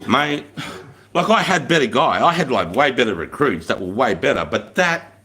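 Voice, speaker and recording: A man's voice: mid-range voice, sing-song, moderate pace, bright, forceful tone. An Australian man, a former army corporal, telling a story in a blunt, heavily profane, emphatic way. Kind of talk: casual storytelling.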